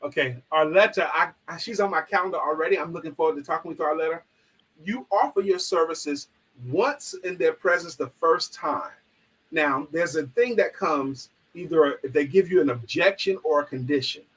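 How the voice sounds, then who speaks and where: Guesting on a live online show, a sales coach teaches with emphasis, at times going slow and low to show a technique. His tone is fairly bright and slightly rough, captured in a rough recording.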